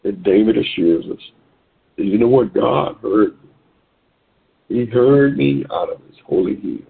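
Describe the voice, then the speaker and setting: A man's voice: fairly low pitch, animated, a little slow, creaky, husky. A man preaching a sermon to listeners on a conference call, exhorting in a repetitive preaching cadence. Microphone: phone call. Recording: tinny phone line.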